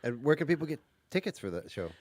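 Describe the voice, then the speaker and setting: A married man co-hosting a morning radio show, relaxed and jokey in casual banter. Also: on the high side, quick pace, dry recording. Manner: relaxed and jokey, short affirmations. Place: radio studio. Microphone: studio microphone.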